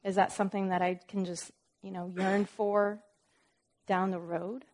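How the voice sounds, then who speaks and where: A woman's voice: medium pitch, little pitch movement, unhurried, darkish tone. Woman teaching Bible verses casually. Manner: conversational, explains verses with casual asides; reads scripture aloud with emphasis.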